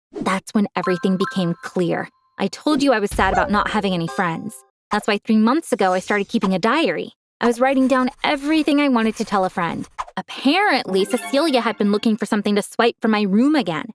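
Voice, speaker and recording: A woman's voice: mid-range voice, a little fast, faint music behind. A young woman narrating a dramatic first-person story in an earnest way.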